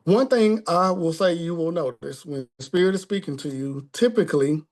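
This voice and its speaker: A man's voice: a little high, moderate pace. A man teaching a spiritual class in a conversational tone, often checking in with the listeners.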